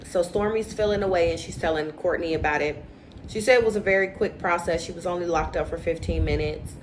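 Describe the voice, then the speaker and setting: A woman recapping a reality show in casual, opinionated chat, acting out quotes with animated inflection. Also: on the low side, fairly quick, a little hiss or hum, rough recording.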